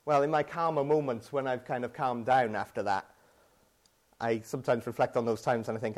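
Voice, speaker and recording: A man's voice: medium pitch, fairly even intonation, a little fast. A man with a British accent preaching a sermon, conversational and self-deprecating, acting out his own frustrated outbursts.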